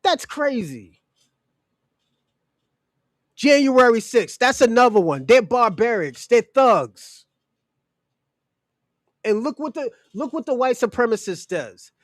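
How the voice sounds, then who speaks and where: High-voiced, emphatic man in his forties. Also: very animated, slow pace, pauses often, dry recording, clean studio sound. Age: 40s. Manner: emphatic, indignant, repeats phrases. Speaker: commentary host. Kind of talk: casual political commentary.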